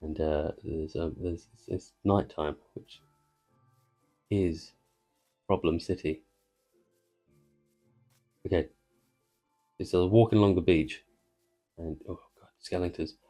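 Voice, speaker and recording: Deep-voiced man rambling over gameplay. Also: fairly even intonation, slow, pauses often, warm tone, faint music behind. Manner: rambling, self-interrupting joke-telling. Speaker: gaming video creator. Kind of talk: casual let's-play commentary.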